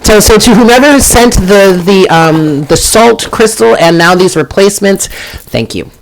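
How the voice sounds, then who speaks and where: A man hosting a casual live stream as a tarot reader, chatty, self-deprecating and quick to exclaim. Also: high-pitched, animated, gravelly, slight background noise. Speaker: tarot reader and channel host.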